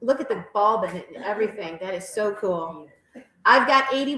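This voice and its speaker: A woman auctioneer calling bids at a live auction in a rapid, repetitive chant, with chatty asides about the pieces. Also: medium pitch, lively intonation, pushed and bright. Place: auction house hall. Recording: roomy echoey hall.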